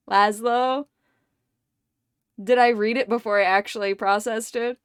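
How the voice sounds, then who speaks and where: A woman's voice: on the high side, fairly even intonation, a little fast, clean tone, dry recording, studio quality. A woman streamer chatting casually with viewers, swearing freely, laughing often and rambling through anecdotes.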